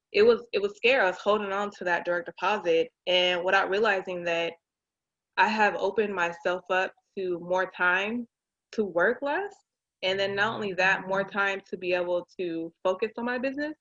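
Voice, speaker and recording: Woman guest, 30s, animated storyteller; bright tone, slightly muffled recording. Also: medium pitch. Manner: animated storyteller acting out quotes. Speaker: guest, realtor and business owner. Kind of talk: casual conversation.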